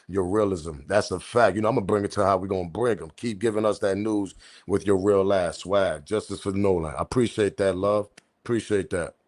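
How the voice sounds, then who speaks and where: A man hosting a live-stream commentary show, talking in incredulous, argumentative street slang. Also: medium pitch. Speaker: commentary channel host.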